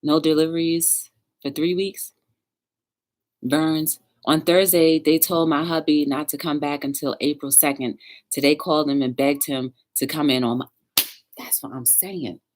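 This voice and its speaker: A woman's voice: deep voice, a little slow. A woman hosting a talk show, telling a story in a casual livestream chat and talking straight to her viewers. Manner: chatty, animated, talks straight to viewers.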